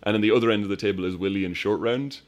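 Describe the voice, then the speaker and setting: A man chatting casually on a podcast, retelling movie scenes with animated, laughing energy. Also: on the low side, rapid-fire. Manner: animated storyteller, acts out film scenes with laughter. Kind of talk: casual chat.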